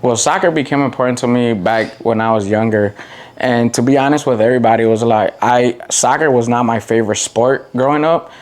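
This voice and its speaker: A middle-aged man from the Waukegan area, speaking at an ordinary pitch for a man. He tells long, rambling stories full of fillers and restarts. He gets animated whenever he quotes someone. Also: fairly quick. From Waukegan area, Illinois. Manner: rambling, many "like" fillers and restarts, animated when quoting people. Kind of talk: casual interview storytelling.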